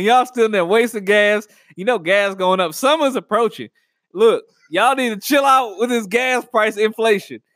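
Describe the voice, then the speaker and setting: A high-pitched man rambles through a comedic rant in a dry, close recording. He talks in an animated way and keeps cracking himself up as he riffs. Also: no echo. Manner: animated, rambling, laughs at own jokes. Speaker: comedic vlogger. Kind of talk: casual comedic monologue.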